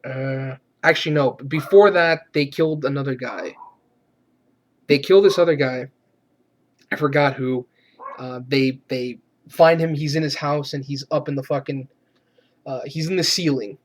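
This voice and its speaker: A man reviewing a movie in a profane, exasperated rant, swearing often and shouting to mock the characters. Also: mid-range voice, fairly even intonation, measured pace, pauses often.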